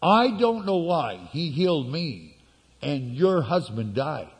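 A man preaching a sermon, telling a personal story with sudden shifts between loud outbursts and hushed asides. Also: a little high, husky, in a large hall.

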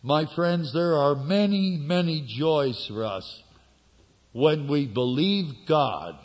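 In a large hall, a man preaches a sermon built around a personal story, swinging suddenly between loud outbursts and hushed asides. His voice is a little high and animated, and he takes his time.

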